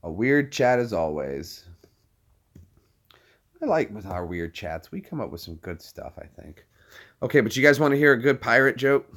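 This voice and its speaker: A man's voice: medium pitch, big pitch swings, moderate pace, long pauses, fairly bright tone. Rambling jokey man streaming live. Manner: rambling, jokey, puts on silly voices. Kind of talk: casual live-stream chat.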